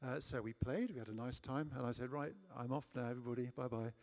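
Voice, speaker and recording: A man's voice: medium pitch, steady tone, fast talker, darkish tone. A middle-aged man preaching a sermon, telling a personal story in a chatty, self-deprecating way.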